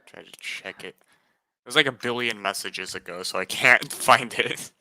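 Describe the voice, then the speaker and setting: A man's voice: medium pitch, normal speed, sharp tone, a little hiss or hum. A hesitant man chatting as a guest on a stream, with short replies. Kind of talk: casual chat.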